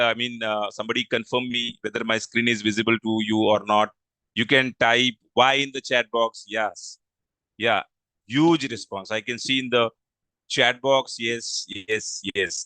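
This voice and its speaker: Bright-voiced man hosting an online class. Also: mid-range voice, no echo, poor audio. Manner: polite, halting, thanks many attendees. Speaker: webinar host and training manager. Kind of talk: live online class introduction. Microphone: video call microphone.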